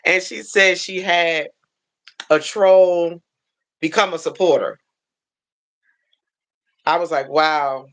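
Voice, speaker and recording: Woman going live on her phone, slow easy talk, folksy, chatting up viewers one by one. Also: fairly low pitch, fairly bright tone. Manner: chatty, folksy, calls viewers baby and honey. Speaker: livestream host. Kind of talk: casual livestream chat greeting viewers.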